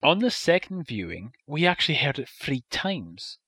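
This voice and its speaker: A man's voice: fairly high pitch, very animated, normal speed, sharp tone, slightly rough, dry recording. Wry mock-serious man. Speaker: podcast co-host. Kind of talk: casual chat.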